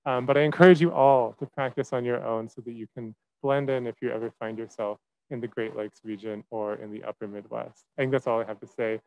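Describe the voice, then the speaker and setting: A man's voice: mid-range voice, brisk, a little hiss or hum, rough recording. Young guy giving a class talk, easygoing, lots of ums and restarts. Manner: relaxed, many fillers and restarts. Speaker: teaching fellow presenting. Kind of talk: classroom presentation.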